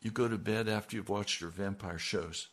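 A man's voice: fairly low pitch, fairly even intonation, moderate pace, a bit bright. A man preaching a sermon, asking his listeners pointed rhetorical questions and building to emphatic peaks.

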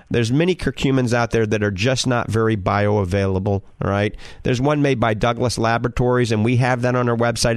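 A man's voice: medium pitch, no room sound, studio quality. A man in his sixties with a New Orleans Cajun accent, hosting a call-in health show and giving advice in an emphatic, instructive way. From Louisiana. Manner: emphatic, instructive, repeats "all right?" and "okay?".

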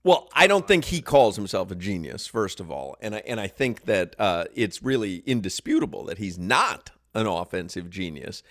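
A man's voice: lowish voice, big pitch swings, moderate pace, few pauses, a bit bright, no room sound, clean studio sound. A man hosting a sports radio show, chatting casually and laughing at himself. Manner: laughs often, self-deprecating.

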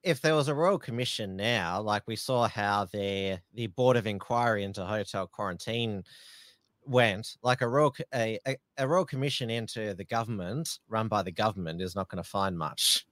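Low-voiced halting co-host. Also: male voice, fairly bright tone, no echo. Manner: halting, many fillers and restarts. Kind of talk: political chat.

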